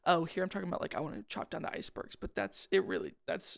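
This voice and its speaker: A man's voice: high-pitched, big pitch swings, quick pace, creaky. A young man giving casual, rambling commentary over his own game footage, slangy and self-deprecating. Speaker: gaming channel host.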